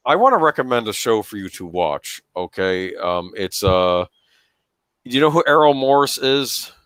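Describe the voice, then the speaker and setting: A man with a lowish voice recorded dry and close, chatting on a podcast. He reassures and recommends things, checking in often as he talks. His delivery is relaxed and conversational. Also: moderate pace, clean tone, dry recording. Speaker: podcast host. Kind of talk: casual podcast chat.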